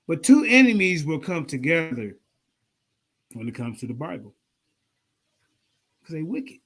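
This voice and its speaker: A high-pitched man rants at a rival on a livestream. He talks fast and swears constantly, calling people out and refusing to back down. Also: very animated, fairly bright tone. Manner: profane, confrontational, fast-talking. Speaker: show host. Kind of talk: heated livestream rant.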